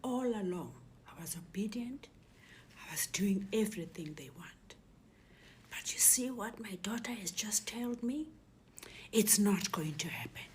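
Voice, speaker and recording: A middle-aged South African woman recounting a personal ordeal as an interview guest, speaking softly and often near a whisper. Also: mid-range voice, expressive, a little slow, a little hiss or hum. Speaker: guest telling her story. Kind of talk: emotional personal testimony.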